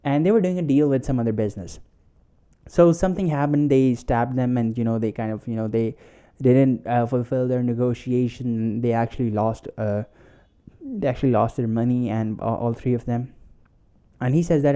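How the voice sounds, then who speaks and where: A man's voice: mid-range voice, normal speed, mellow. A man hosting a solo self-help podcast, telling a story and acting out quotes, with many fillers and restarts. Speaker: podcast host.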